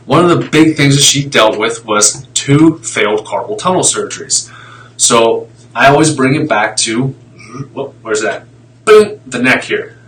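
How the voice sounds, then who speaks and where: A man's voice: medium pitch, animated, unhurried, a bit bright, poor audio. A man talking casually on a live stream, explaining x-rays in a blunt, fired-up way, with tangents and mild swearing. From Italian heritage.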